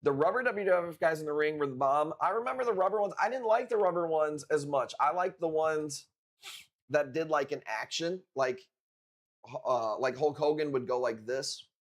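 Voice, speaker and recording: A man's voice: a little high, animated, normal speed. Laid-back guy, swearing freely. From Chicago. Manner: laid-back, swears a lot, street slang. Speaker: live-stream coral seller. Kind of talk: casual live-stream chat.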